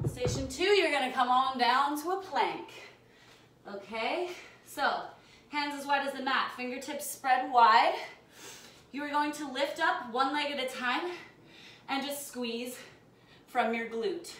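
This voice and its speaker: A woman's voice: high-pitched, unhurried, long pauses, a bit bright. Breathless woman leading a livestream workout. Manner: upbeat, counts down reps, greets viewers by name. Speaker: fitness instructor. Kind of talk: live workout class instruction. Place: home room, indoors. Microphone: phone on a live stream. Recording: echoey room, mic far off.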